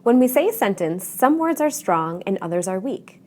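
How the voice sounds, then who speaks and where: A woman teaching English pronunciation in a clear, deliberate, scripted lesson narration. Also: medium pitch, big pitch swings. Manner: clear, deliberate teaching delivery with modeled stress patterns.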